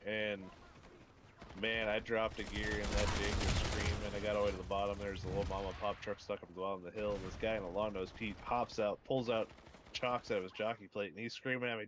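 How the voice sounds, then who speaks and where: A man with a lowish voice chats casually on a game stream, drifting through a long story and laughing at himself. Steady game gunfire and explosions rattle clearly behind him. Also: quick pace, slight background noise. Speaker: streamer, former truck driver. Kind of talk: casual gaming chat.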